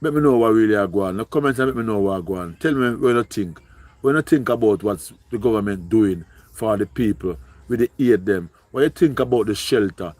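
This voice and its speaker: A man's voice: on the low side, expressive, fairly quick, a little mellow, no echo. Pleading Jamaican man on a live stream. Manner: pleading, repetitive, emotional, speaks in Jamaican Patois. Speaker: livestreamer. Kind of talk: live-stream appeal to viewers.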